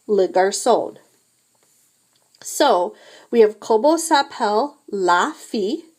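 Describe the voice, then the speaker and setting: A woman teaching a beginner French lesson, slowly modeling each phrase for students to repeat. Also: mid-range voice, a little mellow. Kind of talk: classroom language lesson.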